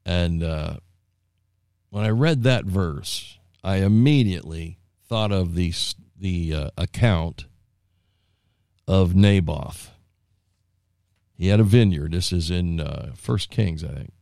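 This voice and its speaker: A man's voice: low voice, slow pace, gravelly, pauses often, mellow, dry recording, studio quality. A man preaching informally, retelling a scripture story in his own folksy words, with asides and restarts along the way. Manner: rambling with frequent restarts and asides. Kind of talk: informal Bible teaching.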